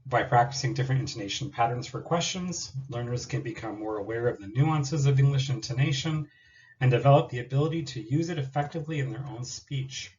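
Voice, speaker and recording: A man of medium pitch walks through a classroom activity in a recorded presentation. He sounds partly scripted, with the odd filler. The recording is a little dull and lo-fi. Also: fairly quick, a little mellow, slight background noise. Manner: explanatory, partly read, with occasional fillers.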